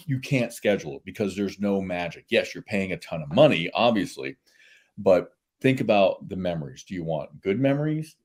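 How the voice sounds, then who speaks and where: A man guest in a casual interview, telling lively anecdotes and laughing often. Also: deep voice, normal speed. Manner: animated storyteller, laughs often.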